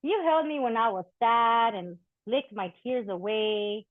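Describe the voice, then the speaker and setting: Between poems at a live spoken-word event, a woman chats frankly and swears without restraint. Her voice sits a little high and she takes her time. The audio is thin and phone-like, dry with no echo.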